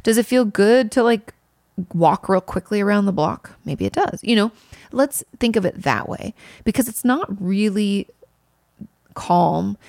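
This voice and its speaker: A woman's voice: mid-range voice, expressive, measured pace, vocal fry, a little mellow, no room sound, clean studio sound. A woman in her thirties casually answering viewer questions, earnest and emphatic, with lots of fillers. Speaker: mental health creator answering viewer questions. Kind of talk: casual Q&A monologue.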